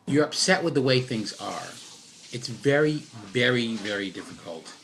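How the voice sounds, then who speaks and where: Lively intonation marks this middle-aged man's mid-range, slightly bright voice as he talks at a normal pace over faint background noise. Sitting at home with his dog, he rambles through casual life advice, restarting often, using fillers and poking fun at himself.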